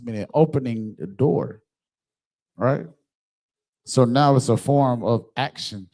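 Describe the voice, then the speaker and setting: A man's voice: mid-range voice, a little slow, warm tone. Emphatic man teaching. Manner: emphatic, keeps checking in with listeners. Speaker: class teacher. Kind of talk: online scripture class with screen sharing.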